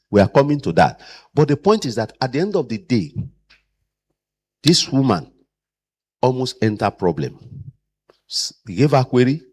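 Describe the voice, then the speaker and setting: A man's voice: mid-range voice, husky. A man lecturing caregivers as a trainer and acting out the people he quotes. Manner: animated, acts out quoted people.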